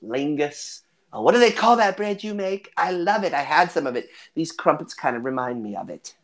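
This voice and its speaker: A game master voicing a chatty, fussy old grandmother hobbit woman in a high sing-song voice. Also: very animated, moderate pace. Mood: doting.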